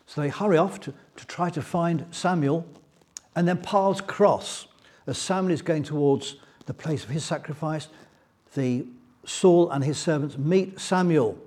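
A man preaching a Bible teaching sermon, retelling scripture in a lively storytelling way. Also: on the high side, measured pace, breathy edge.

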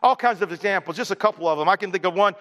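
High, bright-voiced male preacher in reverberant hall. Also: very fast. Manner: conversational preaching with audience questions. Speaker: pastor. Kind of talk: sermon.

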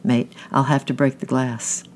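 A man reading the lines of a bold neighbor who takes charge, shouting orders in a storybook. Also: medium pitch, level tone, moderate pace, a little hiss or hum, natural voice. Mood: commanding.

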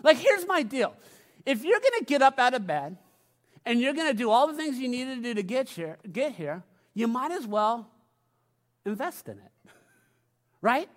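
A man with a notably high voice preaches to his congregation in a church. His delivery is conversational, and he circles back to repeat key phrases. He drops playful asides along the way. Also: big pitch swings, measured pace, pauses often. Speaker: pastor. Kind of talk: sermon. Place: church sanctuary.

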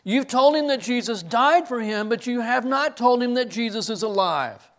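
A preacher playing a sharp, demanding college president. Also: male voice, on the high side, animated, a little slow. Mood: yelling. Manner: blunt, exasperated questioning.

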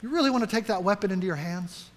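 A man's voice: high voice, rapid-fire. A man preaching a sermon to his congregation, earnest and direct, often asking them questions. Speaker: pastor. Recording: long hall reverb.

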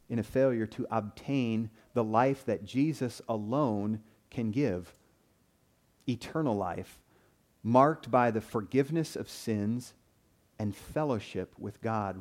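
Brief: male pastor mid-sermon, earnest, mellow timbre, stammered restarts. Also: medium pitch. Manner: earnest, repeats words when starting phrases. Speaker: preacher.

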